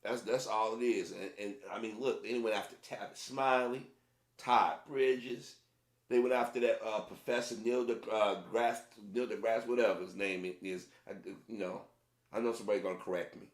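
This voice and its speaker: A commentary vlogger with a lowish, steady voice speaks at a moderate pace, giving casual commentary to his viewers. He is emphatic and repetitive, often restarting sentences, and the recording has a roomy echo.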